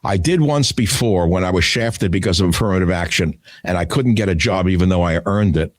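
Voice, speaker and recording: A man's voice: low voice, brisk, dry recording. An older man hosting a talk radio show, delivering a combative, scornful solo monologue. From United States.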